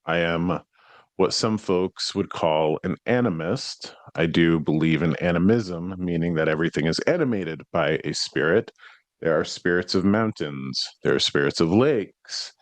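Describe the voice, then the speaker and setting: A man hosting a podcast, telling a story in a casual, conversational way that grows animated as he retells what happened. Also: low voice, measured pace, no room sound. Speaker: psychic medium podcast host.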